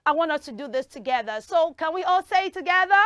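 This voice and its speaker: A woman hosting a children's TV quiz show, bubbly and encouraging, heaping praise on the kids and drawing words out slowly when teaching. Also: very high voice, animated, a crowd in the background. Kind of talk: lively hosting of a kids' quiz in front of a school audience.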